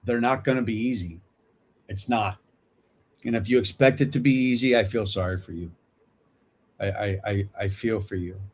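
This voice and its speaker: A man's voice: fairly low pitch, moderate pace, pauses often, husky. A man in his fifties hosting a live talk, earnest and reflective, often checking in with "right?". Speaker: host of a veterans support livestream.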